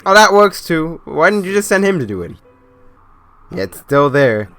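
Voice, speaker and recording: An excitable man talks through an anime episode as it plays, swinging from shouted outbursts to low mutters. His voice is bright with a gravelly edge, and his pitch jumps all over. Faint music from the show sits behind him. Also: normal speed, no echo. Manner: excitable, swings between loud outbursts and low mumbling, swears. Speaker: anime reaction host. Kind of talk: casual reaction commentary.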